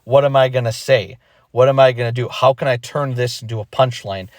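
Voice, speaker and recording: A young man talks straight to the camera in a casual vlog, animated and emphatic, circling back to repeat his points. His voice sits in the ordinary middle range for a man. The sound is close and dry, with no room around it. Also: medium pitch, no room sound. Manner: animated, emphatic, repeats himself, acts out quick imagined thoughts. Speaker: rapper explaining his retirement.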